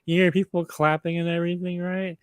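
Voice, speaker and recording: A man's voice: high-pitched, flat delivery, brisk, clear, resonant tone, no room sound. A man co-hosting a podcast who chats casually and laughs as he talks. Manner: amused, laughs while talking. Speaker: podcast co-host. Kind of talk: casual chat.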